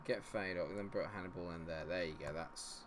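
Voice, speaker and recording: A man's voice: deep voice, fairly even intonation, a little fast, background noise. A young man streaming a football management game, chatting to viewers and swinging between cheering goals and fretting over results. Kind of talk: live stream commentary.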